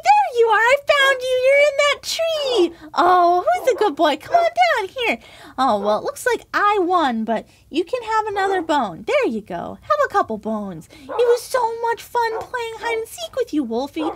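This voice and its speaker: Bubbly woman host for a kids' game video, very high voice that swoops up and down. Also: a little hiss or hum. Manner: bubbly, exaggerated, sing-song. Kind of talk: kids' game let's-play.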